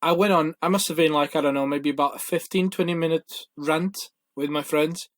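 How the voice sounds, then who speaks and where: A man from Portugal, a podcast guest chatting casually and explaining his opinions quickly. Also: on the high side, steady tone. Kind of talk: casual chat.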